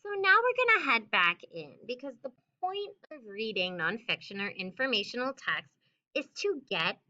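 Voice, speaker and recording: A woman teacher reading a picture book aloud to children with expressive storybook delivery, then talking through the lesson. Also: a little high, dull audio.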